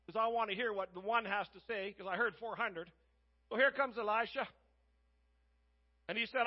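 A man preaching a sermon, retelling a Bible story and acting out the characters in lively voices. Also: sits high, slightly rough, dull audio. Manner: animated, acts out characters in different voices.

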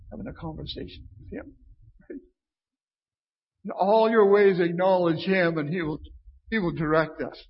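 A man delivers an informal sermon in a high, breathy voice, taking his time over each phrase. He reads scripture and keeps checking in with his listeners. The recording sounds dull and lo-fi. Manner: conversational, often asks "right?" of the listeners. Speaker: preacher.

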